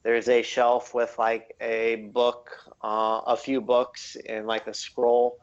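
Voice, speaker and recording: A man narrating a tabletop game as game master, halting and full of ums and likes. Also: mid-range voice, monotone, lo-fi sound.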